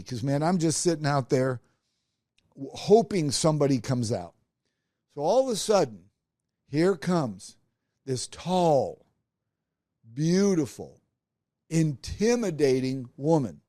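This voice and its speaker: A man's voice: a little high, a little slow, no room sound, studio quality. A middle-aged man, a podcast host, telling a personal career story and acting out the voices of the people in it. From Nebraska. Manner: animated, acts out quoted voices.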